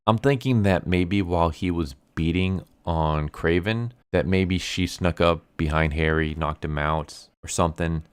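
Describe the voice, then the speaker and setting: A man giving a casual, animated comic book review, acting out quoted lines in shifting tones. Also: low voice, no echo.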